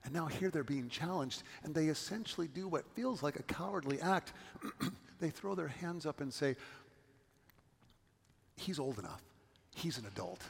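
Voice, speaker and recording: A man's voice: fairly high pitch, normal speed, creaky, big-room sound, slight background noise. A middle-aged man from California, a pastor giving a sermon and telling stories with asides to the congregation.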